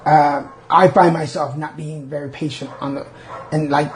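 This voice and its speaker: A man's voice: fairly high pitch, level tone, moderate pace, a little hiss or hum. A man hosting a podcast, chatting candidly and making fun of himself. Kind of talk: casual chat.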